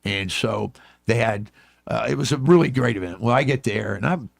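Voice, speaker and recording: Gravelly, rambling male radio co-host. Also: medium pitch, moderate pace, dry recording, studio quality. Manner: rambling, stuttering storyteller. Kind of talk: casual studio banter.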